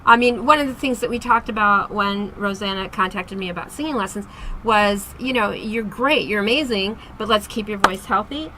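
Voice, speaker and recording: A woman's voice: mid-range voice, moderate pace, pushed and bright, a little hiss or hum, poor audio. A woman hosting a casual interview, chatty and upbeat, giving a singer's advice. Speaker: host and singing teacher. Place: Las Vegas.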